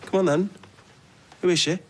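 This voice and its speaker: A man's voice: high voice, steady tone, normal speed, slight background noise, close to an everyday voice. An actor with a Northern English accent playing a cheeky young man who mocks his stepfather. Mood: mocking. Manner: cheeky, mocking.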